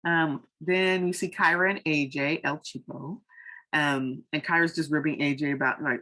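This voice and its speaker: A woman's voice: low voice, fairly even intonation, moderate pace, sharp tone, poor audio. A woman casually recapping a reality dating show, chatty and frank, with lots of fillers. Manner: chatty, loose, heavy on fillers like "um" and "like"; frank and opinionated. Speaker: TV recap vlogger.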